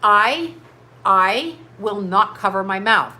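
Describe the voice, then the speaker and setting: A woman's voice: mid-range voice, animated, pushed and bright. A woman in her fifties hosting a livestream, talking in an impassioned, profane rant full of rhetorical questions. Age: 50s. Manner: emphatic, profane, rapid-fire rhetorical questions. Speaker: livestream host.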